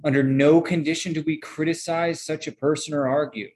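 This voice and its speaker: A man reading a passage aloud at a group meeting in a steady, even way. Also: a little high, fairly quick, slight background noise, rough recording. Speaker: reader at a recovery meeting.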